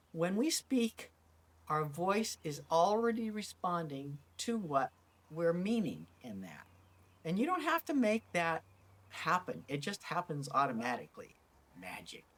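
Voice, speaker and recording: A woman teaching a gentle guided voice lesson in a soft, encouraging manner. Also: fairly low pitch.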